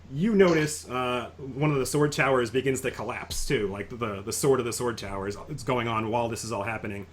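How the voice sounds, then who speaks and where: A man's voice: medium pitch, fairly bright tone. A man narrating a tabletop game as game master, talking casually with frequent stammers and restarts.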